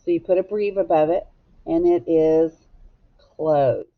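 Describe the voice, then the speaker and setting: Slow, patient woman teaching phonics. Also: low-pitched. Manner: slow, patient, asks pupils to echo words. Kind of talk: recorded phonics lesson for young students. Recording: slightly dull, lo-fi recording.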